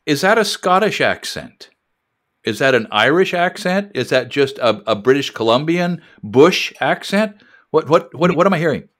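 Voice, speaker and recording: A man's voice: a little high, big pitch swings, normal speed, fairly bright tone. A man in his sixties co-hosting an interview, chatty and reflective, often restarting his sentences. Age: 60s. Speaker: co-host. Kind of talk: casual interview.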